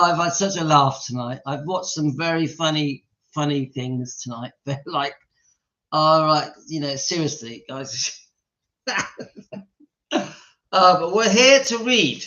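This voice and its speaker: A giggly man streams casually from inside his house, breaking into laughter again and again and addressing his dog between comments. His pitch is fairly high, his speech a bit slow, and his sound pushed and bright. Everything is captured with a dull, lo-fi quality.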